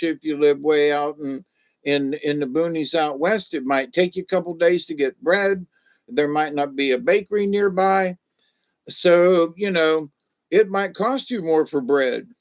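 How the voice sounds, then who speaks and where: A man talks on his livestream in a loose, folksy ramble and drops in greetings to viewers by name. His voice sits high. The home audio sounds a little dull and lo-fi. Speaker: livestream host. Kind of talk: rambling casual livestream talk.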